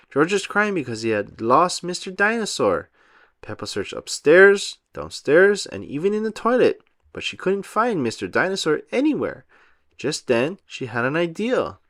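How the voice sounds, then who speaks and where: A man reads a children's storybook aloud with an animated, sing-song lilt. His voice sits fairly high and swoops through a wide range. The recording is dry and close. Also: no room sound. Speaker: children's book reader.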